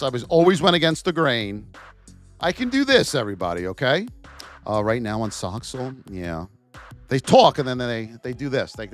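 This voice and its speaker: A man hosting a live trading lesson, loud and joking, calling out viewers by name as he reads off price levels. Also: mid-range voice. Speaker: trading educator and livestream host. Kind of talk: energetic live market commentary.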